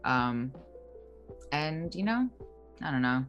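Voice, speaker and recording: A woman's voice: a bass voice, moderate pace, gravelly, fairly bright tone. A woman in her twenties, tired and chatty, saying goodbye to viewers with lots of "like" fillers. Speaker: player. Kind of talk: casual goodbye on a stream. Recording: faint music behind.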